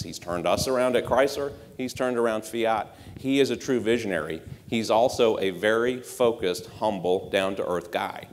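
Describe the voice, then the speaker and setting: A man's voice: on the low side, a bit bright, slight background noise. A middle-aged man giving a conference keynote, punchy, with rhetorical questions and dry sarcastic asides. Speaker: marketing executive giving a conference talk. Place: large conference hall. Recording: hall reverb from a stage.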